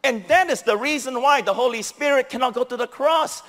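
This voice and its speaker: A man's voice: brisk, fairly bright tone, big-room sound. A man with a Singaporean English accent preaching a sermon as a pastor, emphatic and repetitive, stressing key phrases. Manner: emphatic preaching, repeating key phrases, sweeping pitch swings.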